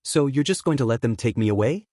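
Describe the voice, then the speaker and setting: Male reader as a scared teenage hero-in-training. Pleading, distraught, lively. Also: medium pitch, quick pace, no echo, studio quality, close to an everyday voice.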